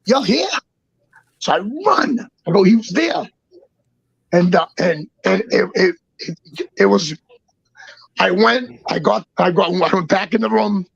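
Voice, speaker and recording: A man telling a long story as a guest in casual talk, halting and restarting often, and swearing freely. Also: high-pitched, animated, creaky, husky, no room sound, lo-fi sound. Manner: halting, with many restarts and repeats.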